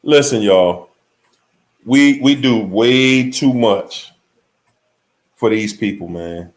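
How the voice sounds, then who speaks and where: A man hosting a motivational livestream, talking emphatically and straight to his viewers, swinging between high exclaims and low murmurs. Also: slow. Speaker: livestream host.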